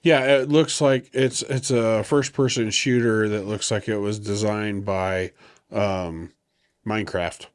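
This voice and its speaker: A man's voice: on the low side, steady tone, slow, no room sound. A man co-hosting a podcast, chatting casually and joking about growing up with computers. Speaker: podcast co-host. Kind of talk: casual chat.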